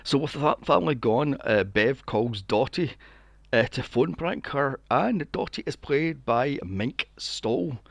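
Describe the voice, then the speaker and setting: A man co-hosts a podcast, chatting his way through a film recap with a gravelly, creaky edge to his voice. His pitch swings widely as he talks, and he swears freely. The sound is dry and close, with no room around it. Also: a little slow, dry recording. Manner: animated, swears freely, acts out quotes in a mocking voice. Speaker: podcast co-host. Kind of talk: casual film recap chat.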